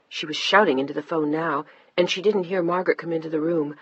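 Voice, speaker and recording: An audiobook narrator reading a novel in measured, even storytelling. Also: medium pitch, breathy edge, no room sound, muffled recording. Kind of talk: scripted narration.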